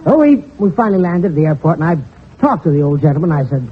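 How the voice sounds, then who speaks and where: A man's voice: fairly high pitch, expressive, fast talker, slightly rough. A male comedian telling folksy jokes in a stand-up set, on a tinny old recording. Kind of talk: stand-up storytelling. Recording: tinny old lo-fi audio with crowd.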